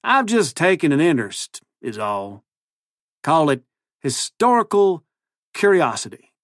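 A man's voice: on the high side, very animated, no echo, studio quality, pitched above the performer's own voice. A man putting on a drawling would-be cowboy mayor. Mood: folksy. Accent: put-on Western cowboy drawl. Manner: drawling, earnest, slow. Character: small-town male mayor posing as a folksy cowboy.

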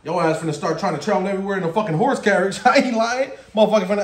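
High-pitched guy ranting and cussing nonstop, storytime vlog, echoey room. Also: rapid-fire, hardly any pauses. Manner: profane, animated, ranting and laughing. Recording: roomy echo.

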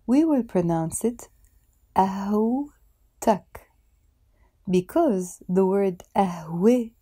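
A woman's voice: fairly low pitch, dark tone. A woman with a Lebanese accent teaching a language lesson, speaking carefully and repeating words so they can be pronounced. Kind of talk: slow instructional lesson.

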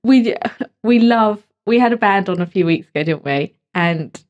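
A woman co-hosting a podcast, telling stories in a giggly, animated way. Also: mid-range voice, normal speed, highs cut off. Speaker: podcast co-host. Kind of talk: casual podcast chat. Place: podcast studio.

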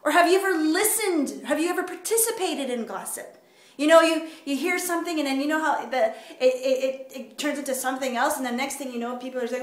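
A woman talking straight to her viewers in a casual vlog, animated and indignant, with lots of fillers and restarts. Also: high voice, normal speed, echoey room. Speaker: vlogger. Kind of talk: casual direct-to-camera vlog.

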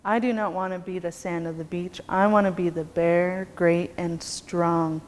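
A woman's voice: on the low side, fairly even intonation, a little slow, darkish tone, close to an everyday voice. A woman voicing a frightened male creature who pleads and wails to be changed into something else. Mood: pleading. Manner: wailing, pleading cries. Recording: long reverb, faint background noise.

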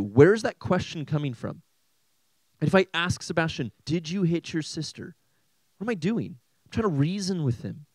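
A young man preaching to a high school group, animated and jokey, often asking the room questions. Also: no echo, rough recording. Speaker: youth pastor. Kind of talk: sermon.

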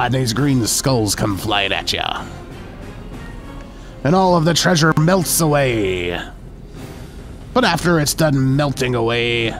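An upbeat man hosts a gaming channel, chatting his way through a let's-play with game music running underneath. His voice swings widely in pitch, and he stays at a middling register while breaking into playful pirate talk. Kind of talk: let's-play gameplay commentary.

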